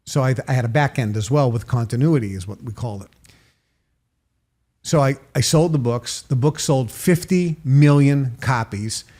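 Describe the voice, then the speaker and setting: An older man from Massachusetts, a podcast guest telling animated stories and acting out quoted dialogue with sudden jumps in pitch. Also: normal speed. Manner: emphatic, acts out quoted dialogue with raised pitch. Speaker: podcast guest, author and marketer. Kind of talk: animated interview storytelling.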